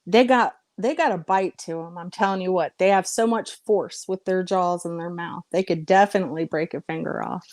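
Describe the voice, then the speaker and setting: A woman's voice: on the low side, moderate pace, hardly any pauses, darkish tone, dry recording. A woman in casual chat, mostly giving short supportive reactions.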